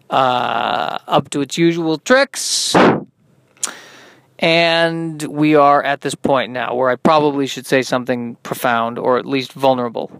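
A man's voice: medium pitch, a bit bright, clear, resonant tone, no room sound. Tired, rambling man hosting a podcast. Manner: rambling, self-deprecating, sleepy musing. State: tired, yawning. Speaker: podcast host. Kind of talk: solo podcast monologue.

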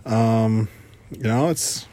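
A man co-hosting a casual podcast chat. He is laid-back and dry, and teases his co-host with deadpan remarks. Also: fairly low pitch, drawn-out words, no echo.

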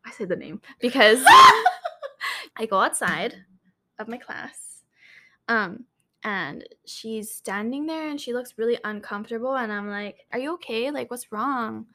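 A woman's voice: on the high side, wildly swooping pitch, unhurried, pushed and bright, slight background noise. A woman co-hosting a podcast, telling a story in a casual, chatty way, full of "like" and "um" and free with swear words. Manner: chatty, filler-heavy, swears freely. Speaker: podcast co-host.

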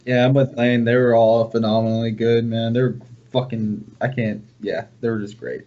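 A man's voice: mid-range voice, flat delivery, normal speed, dark tone. A man co-hosting a casual podcast, laid-back and chuckling along. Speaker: podcast co-host. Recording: dull lo-fi recording.

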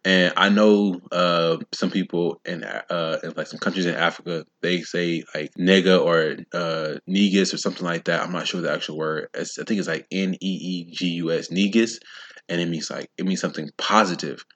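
A man with a very low voice talks to his listeners in a solo motivational podcast. His delivery is casual, slangy and preachy, and he drives each point home with emphatic "boom, boom" sound effects. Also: steady tone, normal speed, a bit bright. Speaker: podcast host.

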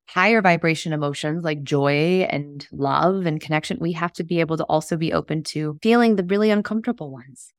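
Woman host, lowish voice, dry close mic, reflective and sincere. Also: dry recording. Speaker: podcast host. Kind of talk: casual conversation.

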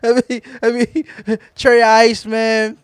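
High-voiced man teasing and laughing. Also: monotone, slow, clean tone, no room sound, studio quality. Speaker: podcast co-host. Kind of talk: casual sports debate.

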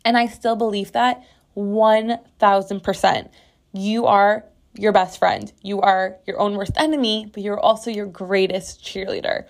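A woman hosts a solo podcast from her bathroom floor. She chats casually and candidly, swearing freely and speaking with open, expressive emphasis. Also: mid-range voice, a little slow, gravelly. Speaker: podcast host.

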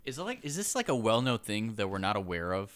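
A man's voice: fairly low pitch, big pitch swings, fast talker. Joking guy on a podcast, voice bounces all over, makes fun of himself. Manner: self-deprecating, joking, swears. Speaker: podcast co-host. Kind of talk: casual banter.

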